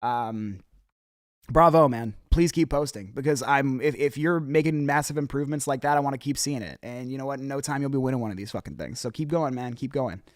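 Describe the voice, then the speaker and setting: A man's voice: medium pitch, a little fast, dry recording, clean studio sound. Rambling, cursing young man giving feedback. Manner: profane, rambling, encouraging, many fillers and restarts. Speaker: host. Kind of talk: casual feedback on music submissions.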